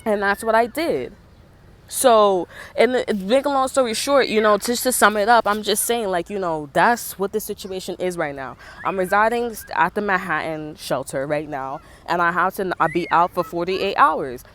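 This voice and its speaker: A woman's voice: medium pitch, normal speed, fairly bright tone, a little hiss or hum. A pregnant young woman venting in a profane, fired-up casual monologue full of street slang. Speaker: vlogger.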